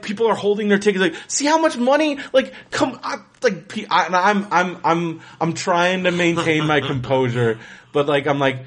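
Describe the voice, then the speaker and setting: A man with a slightly high voice tells a long story in relaxed podcast chat. He rambles with excitement, restarting sentences and slipping into quoted asides as he goes.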